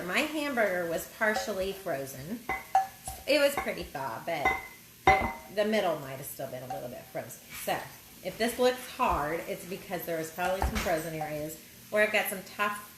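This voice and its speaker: A woman hosting a casual live cooking demonstration from her home kitchen, chatty and rambling, poking fun at her own slips. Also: lowish voice. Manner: chatty, rambling, self-deprecating. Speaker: cooking show host. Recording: echoey kitchen, loud frying noise. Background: sizzling pan and kitchen clatter.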